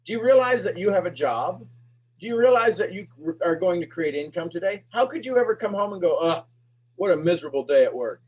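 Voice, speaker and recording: A husky man with a voice pitched a little high runs a sales master class. He hammers his points home with repeated questions and often climbs to a near-shout. The sound is dull and lo-fi, like a webinar recording. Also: lively intonation, fairly quick. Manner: emphatic, repetitive questions, rising to near-shouting. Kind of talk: animated teaching talk to an online audience.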